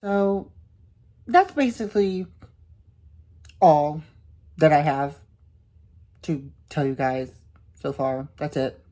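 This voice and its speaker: Young woman, casual book vlog host; lowish pitch, slow delivery, swears and stumbles when riled up. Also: dark tone. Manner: chatty and indignant, swears, repeats words. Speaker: book vlogger.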